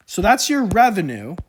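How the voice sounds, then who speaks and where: Guy doing a laid-back econ lesson, slow and chatty, jokes around, bit of hiss in the background. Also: high-pitched, vocal fry. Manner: chatty, joking asides, filler-heavy; slow deliberate explaining. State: hiccups. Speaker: economics tutor. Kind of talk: casual whiteboard lesson.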